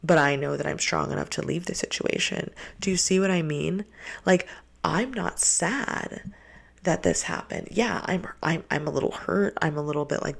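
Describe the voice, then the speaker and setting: A woman's voice: lowish voice, moderate pace, gravelly. A young woman hosting a casual relationship-advice monologue, talking bluntly and ranting with plenty of swearing. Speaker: host.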